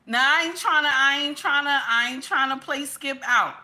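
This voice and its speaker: A social media commentator with a high, bright, forceful voice talks at a normal speed. She chats emphatically with her viewers, calling them "baby" and "y'all" and tossing an "okay?" into nearly every line.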